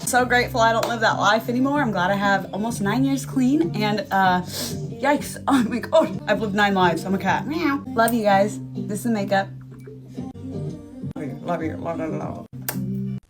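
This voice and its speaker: A woman telling a personal story in a casual, animated way, acting out the people in it. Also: medium pitch, normal speed, over music. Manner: animated, acts out voices.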